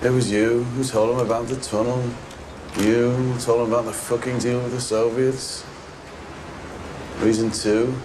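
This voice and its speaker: A man's voice: fairly low pitch, close to an everyday voice. A man playing Tommy, a cold, clipped gang boss. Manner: measured and clipped, then explosive shouting. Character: cold, controlled male gang boss, menacing and precise. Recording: film scene with ambient background noise.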